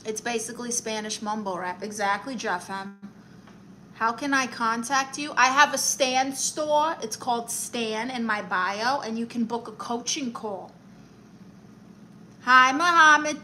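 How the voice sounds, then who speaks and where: She speaks unhurriedly in a sharp, high-leaning voice, with a bit of background noise behind her New York accent. On her casual livestream she reads comments and offers advice in a theatrical, sassy auntie style, calling everyone honey and darlings.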